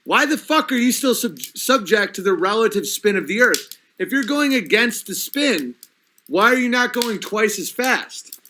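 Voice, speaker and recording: A man's voice: high-pitched, animated, moderate pace, pushed and bright. A man hosting a livestream who rants and swears while he reads chat comments aloud and argues back at them. He says he has had a few drinks. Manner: agitated, profane, reading chat comments aloud. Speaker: livestream host.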